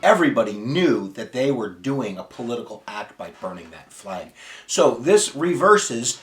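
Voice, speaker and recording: A man hosting an energetic video lecture on history, talking straight to his viewers in an animated way. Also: medium pitch, normal speed, roomy sound, soft background music. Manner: animated, addresses viewers directly. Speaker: history teacher and channel host.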